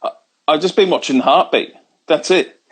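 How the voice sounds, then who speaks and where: A man's voice: a little high, normal speed, slightly rough, rough recording. A man from the UK, a comedian guesting on a video chat show, talking in an easygoing, wry, meandering way while holding his phone. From United Kingdom. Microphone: handheld phone on video call.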